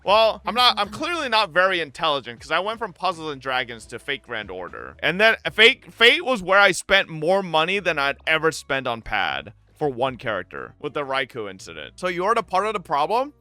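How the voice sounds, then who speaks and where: A man streaming live, ranting to his chat in an excitable, profane, animated way. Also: on the high side, moderate pace, few pauses, dry recording. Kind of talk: livestream rant to chat.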